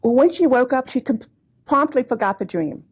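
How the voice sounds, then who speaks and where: In a hall before a live audience, a woman in her sixties with a high, animated, slightly rough voice speaks at a moderate pace. She's at a commemorative gathering, sharing personal family stories in a chatty, warm way full of laughs and asides.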